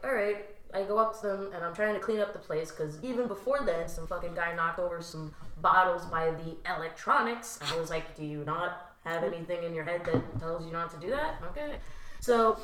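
Animated young woman in an echoey room. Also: lowish voice. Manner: animated, swears freely, acts out quotes. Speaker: podcast guest. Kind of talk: casual storytelling chat. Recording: roomy echo.

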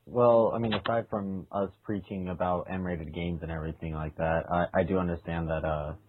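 Husky, deep-voiced laid-back man. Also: steady tone, normal speed. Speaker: podcast panelist. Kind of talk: casual chat. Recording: tinny phone-like sound.

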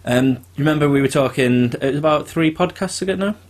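A man co-hosting a casual podcast, talking in a relaxed way with lots of ums and uhs. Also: a little high, fast. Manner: relaxed, filler-heavy, laughs at jokes. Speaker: podcast co-host. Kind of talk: casual chat.

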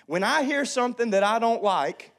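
Man, pastor, sermon, high-pitched, dramatic swings in volume. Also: normal speed. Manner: animated preacher, acts out family quarrels, swings from loud to hushed.

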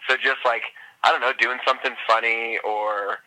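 A man's voice: mid-range voice, steady tone, normal speed, pushed and bright, rough recording. A man talking as a guest on a podcast, chatty and upbeat, filling his sentences with "like" and "you know". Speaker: podcast guest, endurance runner. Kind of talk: casual interview chat.

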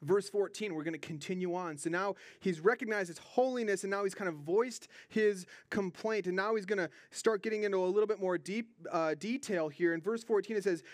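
High-voiced earnest young male preacher. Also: a little fast, few pauses, no room sound, clean studio sound. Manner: earnest, repeats words when stressing a point. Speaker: pastor. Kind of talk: sermon.

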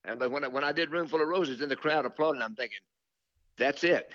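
A man's voice: on the high side, racing, a bit bright, dry recording, highs cut off. An older man, a country singer telling rambling stories from his career in an interview, full of fillers and restarts. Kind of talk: relaxed storytelling interview.

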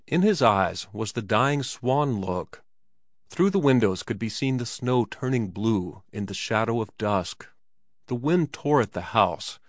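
A man narrating a classic story in a measured, even reading voice. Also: on the low side, no echo, studio quality. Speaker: audiobook narrator.

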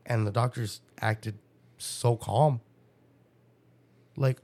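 Creaky-voiced young dad, profane. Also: male voice, lowish voice, normal speed. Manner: profane, animated, acts out his own past dialogue. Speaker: guest, young father. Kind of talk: casual storytelling interview.

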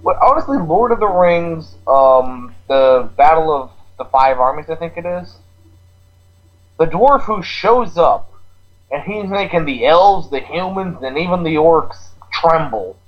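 A man's voice: on the high side, lively intonation, measured pace. A man co-hosting a casual gaming podcast, enthusiastic and rambling, laughing at his own jokes. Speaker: podcast co-host. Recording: dull lo-fi mic.

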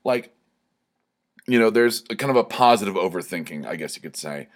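A young man talks through a personal story on his podcast, wandering off on tangents and poking fun at himself. His voice sits a little low, and he often restarts his sentences. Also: expressive, fairly quick. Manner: self-deprecating, digressive, many restarts. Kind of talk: rambling personal monologue.

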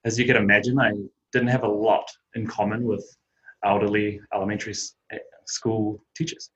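A young man with a New Zealand accent, a guest teacher chatting casually on a podcast and running his words together fast. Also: on the low side, flat delivery, fairly bright tone, highs cut off. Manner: quick, runs words together.

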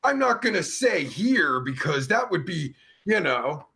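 A crude, foul-mouthed pervert character, put on by a man hosts a rambling comedy stream. His voice sits high and swoops all over, sharp and bright on top. Underneath it's gravelly and raspy. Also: sing-song, unhurried, exaggerated voice. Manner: crude, rambling, swears constantly. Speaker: host. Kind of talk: comedic live stream chat.

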